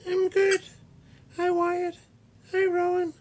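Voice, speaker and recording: Fred, a squeaky silly monkey puppet. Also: male voice, completely flat delivery, slow pace. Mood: cheerful. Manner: high squeaky voice, mixes up animal noises. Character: silly childlike male monkey puppet, cheerful and dim.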